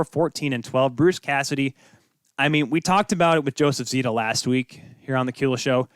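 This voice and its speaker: A man's voice: medium pitch, fairly bright tone, no echo, clean studio sound. Rambling young man hosting sports talk. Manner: rambling, self-deprecating, goes off on tangents. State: tired from little sleep. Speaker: podcast host. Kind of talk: solo sports talk show.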